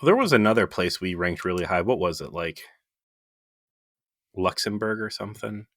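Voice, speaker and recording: A man's voice: sits low, expressive, normal speed, a bit bright. A man co-hosting a podcast in casual, joking chat, talking through a cold with rambling asides. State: has a cold. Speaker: podcast co-host.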